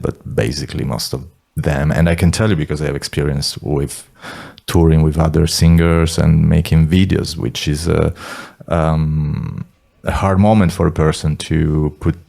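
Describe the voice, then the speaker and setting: A man's voice: rumbling low, vocal fry, mellow. A man in his forties with an Italian accent, a singer chatting as an interview guest in a meandering, self-deprecating way. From Italy. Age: 40s. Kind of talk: casual chat.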